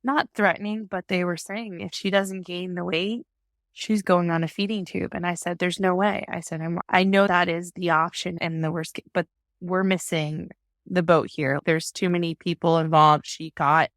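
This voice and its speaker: A young woman with a gravelly, fry-edged voice shares her experience as a guest in a relaxed interview. She tells it animatedly and slips into the voices of the people she quotes. The sound is close and dry. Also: fairly low pitch, normal speed, dry recording. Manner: animated storytelling, acts out quoted exchanges. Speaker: guest, parent advocate. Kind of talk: casual conversational interview.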